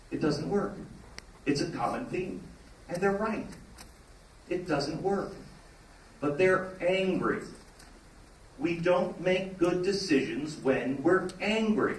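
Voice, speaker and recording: A middle-aged man with a fairly high voice delivers a fervent, preacherly rally speech that climbs to emphatic peaks. He is heard from far back in an echoey hall, with faint room ambience underneath. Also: slight background noise. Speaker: political speaker at a campaign rally. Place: event hall. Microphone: recorded from the audience, away from the stage.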